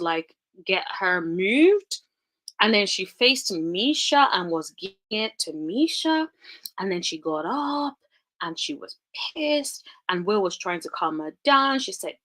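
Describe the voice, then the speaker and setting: Chatty young woman vlogging. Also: medium pitch. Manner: animated, rambling, dramatic exclamations to the viewers. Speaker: reality TV commentary vlogger. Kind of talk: casual chatty commentary.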